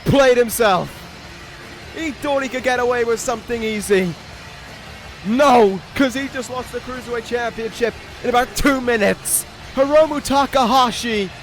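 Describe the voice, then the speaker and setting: A man doing excitable play-by-play commentary over a wrestling video game, swinging from dry sarcasm to stunned shouting and swearing casually. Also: very high-pitched.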